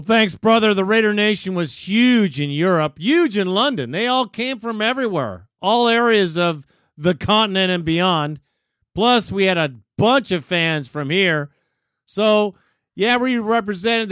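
An easygoing man hosts a fan call-in show, his voice high and smooth. The sound is dry and close, and he talks casually with folksy asides. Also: a little slow, fairly bright tone, no room sound. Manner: easygoing, brotherly, folksy sayings. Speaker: fan radio show host. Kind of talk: casual radio talk.

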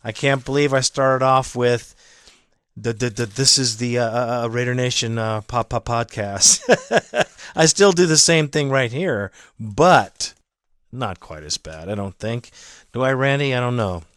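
A man's voice: mid-range voice, unhurried, fairly bright tone, clear, resonant tone, dry recording. A man hosting a sports fan podcast, talking in a blunt, fired-up, profane way and sometimes stumbling over his words. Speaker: podcast host.

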